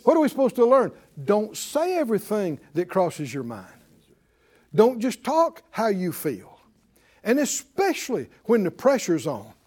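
High, animated male preacher. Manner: preaches with rhetorical questions to the congregation. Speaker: pastor. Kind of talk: sermon.

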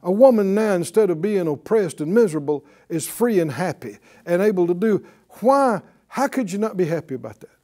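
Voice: medium pitch, sing-song, fairly quick, hardly any pauses, warm tone. A Bible teacher giving a broadcast lesson in a conversational way, often asking the audience rhetorical questions and chuckling while telling the story.

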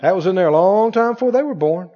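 Male pastor, high animated voice, husky edge, emphatic sermon delivery; dull, echoey church hall recording. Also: quick pace. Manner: emphatic preacher, swings from loud to hushed. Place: church sanctuary.

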